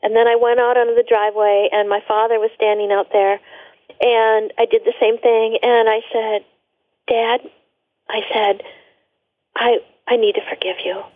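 A woman guest telling a personal story in a radio interview, earnest and halting, with many restarts. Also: fairly high pitch, flat delivery, no echo. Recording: tinny phone line.

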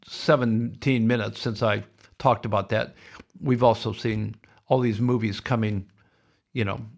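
A man's voice: fairly low pitch, vocal fry. A man hosting a podcast, telling a rambling, darkly humorous story in a casual monologue. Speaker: podcast host.

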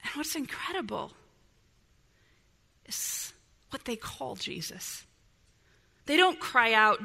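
A woman's voice: a little high, very animated, slow, creaky, long pauses, sharp tone. A woman pastor preaching a sermon with fervor, swinging from urgent pleas down to near whispers. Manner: impassioned, rising to fervent pleas then dropping to near whispers. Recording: long hall reverb.

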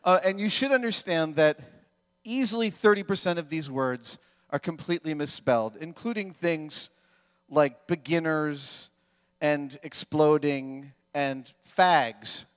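In a reverberant live hall, a stage guest at a fan convention jokes with the audience, telling playful stories in quick bursts. His voice is fairly high, a bit bright, clear and resonant.

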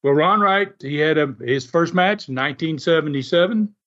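A man with a somewhat high voice tells stories in a loose, animated way, chuckling often as he goes. The audio is muffled and lo-fi. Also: normal speed. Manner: animated, laughs often, acts out quoted voices. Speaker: guest recounting wrestling TV history. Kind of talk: casual storytelling.

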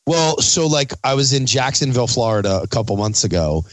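A middle-aged man telling a story in casual chat, animated and swearing freely as he acts out quotes. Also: medium pitch, a little fast, no echo.

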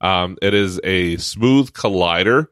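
A man's voice: sits low, slow, a bit bright, clean tone, dry recording, clean studio sound. A man co-hosting a podcast in casual chat, sarcastic and joking, laughing often as he talks. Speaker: podcast co-host.

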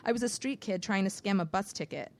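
A woman's voice: medium pitch, brisk. Woman narrating a wry first-person audiobook.

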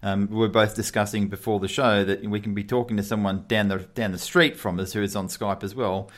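A man's voice: lowish voice, fairly even intonation, fairly quick. An Australian man hosting a podcast, chatting casually over a call, laughing often and filling gaps with ums. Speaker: podcast host. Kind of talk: casual interview over Skype. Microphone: remote call recording.

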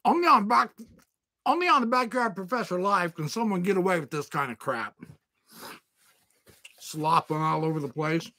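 Talking with food in the mouth, this livestream host keeps the chat casual and playful, calling out viewers by name and letting out loud exclamations. The voice sits mid-range, animated at a moderate pace with frequent pauses, recorded studio-clean with no echo.

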